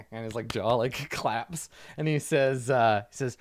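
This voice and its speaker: A man's voice: mid-range voice, brisk, few pauses. A man narrating a tabletop game as dungeon master, in a loose style full of fillers and "like". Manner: loose and filler-heavy, uses "like" often.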